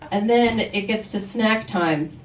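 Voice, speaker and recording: A woman's voice: mid-range voice, takes it slowly, noisy background. A woman telling a candid personal story on stage at a live story night, chatty and wry. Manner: candid, conversational, with wry asides. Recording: roomy, distant live recording.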